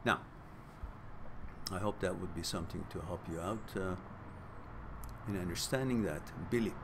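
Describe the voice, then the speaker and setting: A man's voice: sits low, normal speed, background noise. A man hosting a casual live-stream Q&A. He laughs often, teases his viewers and thinks aloud as he talks. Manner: thinks aloud, with fillers and restarts. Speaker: host answering viewer questions.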